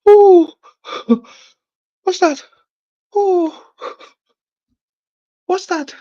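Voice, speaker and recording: Squeaky panicky voice yelping at his laddie, way up high, dull lo-fi sound. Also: fairly even intonation, very slow, dark tone, heavily acted. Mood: startled. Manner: shrill gasping cries of alarm.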